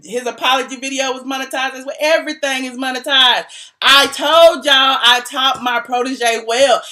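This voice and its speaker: Sassy high-voiced woman gossip host. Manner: sassy, animated, teasing, laughs often. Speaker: YouTube commentary host. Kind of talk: gossip commentary to viewers.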